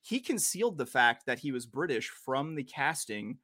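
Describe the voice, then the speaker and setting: A man's voice: medium pitch, big pitch swings, moderate pace, pushed and bright, dry recording, clean studio sound. A man hosting a horse racing podcast in a casual, joking way, wandering into rambling asides. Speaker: podcast host.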